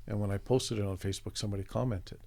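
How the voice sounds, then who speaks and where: Gravelly low-voiced man telling a story. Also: fairly even intonation, very fast, a little mellow. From Canada. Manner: reflective, meandering anecdotes with restarts. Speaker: interview guest, artist. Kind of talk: conversational storytelling.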